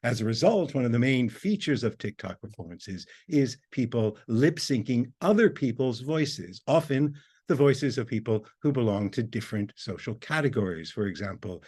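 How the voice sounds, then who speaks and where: A male university lecturer delivering a recorded academic talk. He explains each point in a calm, measured, steady way at a middling pitch. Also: slightly rough.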